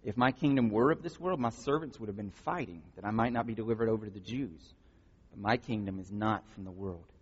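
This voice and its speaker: A man reading the words of a calm prisoner on trial, quietly and slowly. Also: husky. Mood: solemn. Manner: quiet, low, measured. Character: calm, solemn male teacher on trial. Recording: dull recording in large echoing hall.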